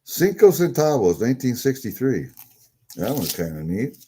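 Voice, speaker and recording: A man's voice: medium pitch, big pitch swings, normal speed, warm tone, slightly rough. An older man casually chatting on a live stream while opening packages at his desk, rambling and greeting viewers as he goes. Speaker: livestream host opening packages. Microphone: webcam on desk.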